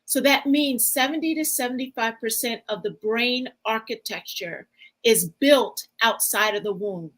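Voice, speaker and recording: A woman coach explaining her ideas in a slow, deliberate interview. Her voice sits a little high, and she takes her time over each point. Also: fairly bright tone, low-quality recording. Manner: measured, explanatory. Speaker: guest speaker, relational coach. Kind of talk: interview answer.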